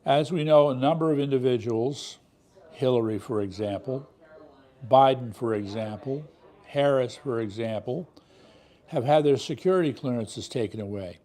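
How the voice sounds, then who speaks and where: Male commentary host, mellow low tone, indignant and emphatic, fond of rhetorical questions. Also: normal speed. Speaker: show host. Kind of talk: political commentary monologue.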